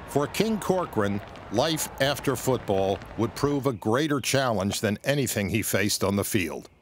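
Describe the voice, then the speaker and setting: A man reading scripted documentary narration with a dramatic, measured delivery. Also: mid-range voice, animated, a little hiss or hum.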